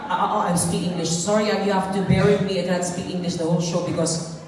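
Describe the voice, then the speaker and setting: A woman's voice: lowish voice, fairly even intonation, fast talker, a little mellow. A woman with a Filipino accent doing bawdy live stand-up comedy, teasing the audience while performing ill. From Philippines. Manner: brash, teasing, bawdy banter with the crowd. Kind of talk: live stand-up comedy, mixing Tagalog and English. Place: large concert hall with a live audience. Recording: echoey hall recorded from far off, crowd noise. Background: audience laughter and hall ambience.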